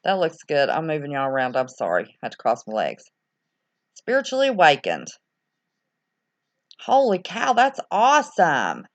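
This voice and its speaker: Her voice sits low, with huge pitch swings, normal speed and frequent pauses. She's hosting a laid-back livestream, rambling and reacting aloud to her viewers' chat. The audio is slightly dull and lo-fi.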